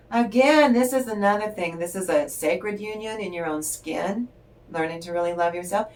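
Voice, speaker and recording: A woman's voice: fairly low pitch, normal speed, a little mellow. An older woman giving a tarot reading in a chatty, rambling storytelling way, laughing often. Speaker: tarot reader. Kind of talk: casual spiritual chat and storytelling. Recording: voice distant from the mic.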